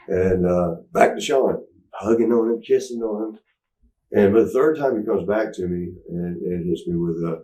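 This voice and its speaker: A former wrestler as an interview guest, telling candid stories in a rambling, halting way full of fillers and restarts. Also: male voice, low-pitched, steady tone, mellow. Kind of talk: candid anecdotal storytelling. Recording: roomy sound, mic at a distance.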